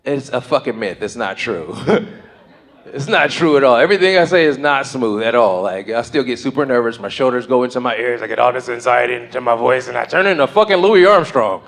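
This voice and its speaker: A male stand-up comedian works a comedy stage through a handheld mic. He talks at a middling pitch and throws out his lines in loud, punchy bursts, with plenty of swearing. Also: quick pace, hardly any pauses.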